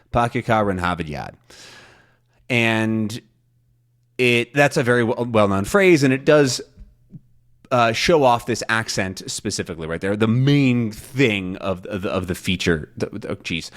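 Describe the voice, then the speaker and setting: A man teaching English learners in a relaxed, rambling monologue, thinking aloud with many fillers and restarts. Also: lowish voice.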